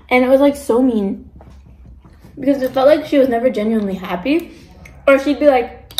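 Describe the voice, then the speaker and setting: A woman's voice: sits high, normal speed, pauses often, darkish tone, reverberant, a little hiss or hum, poor audio. A young woman vlogging casually while eating, ranting about pet peeves with lots of fillers. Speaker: mukbang vlogger.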